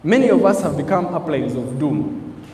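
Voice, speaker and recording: A man's voice: on the high side, lively intonation, normal speed, dark tone, a little hiss or hum. A man giving an emphatic, preacher-like motivational training talk in a hall, asking the audience questions. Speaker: network marketing trainer. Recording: echoey hall, faint ambience.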